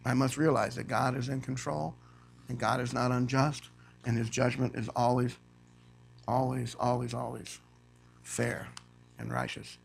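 Gravelly man preaching a sermon. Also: medium pitch, little pitch movement, measured pace, pauses often, a little hiss or hum. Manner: rising to loud emphatic preaching, reads scripture aloud. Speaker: guest preacher. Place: church.

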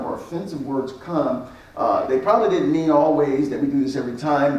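A man's voice: fairly high pitch, a little mellow, slight background noise. A man preaching as a pastor, teaching on marriage and acting out both sides of an argument with repeated phrases. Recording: echoey hall, mic at a distance.

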